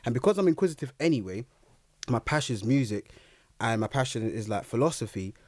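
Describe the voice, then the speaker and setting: A young man, a guest in a casual interview, telling his story in an animated way and acting out his own reactions. His voice is recorded dry and close. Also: mid-range voice, fairly quick, no room sound.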